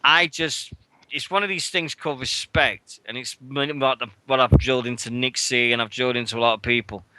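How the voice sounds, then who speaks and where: A British man hosting a wrestling radio show, telling a rambling, swear-filled anecdote and shouting out the quoted lines. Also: medium pitch, fairly even intonation, a little fast, no echo. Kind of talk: casual storytelling chat.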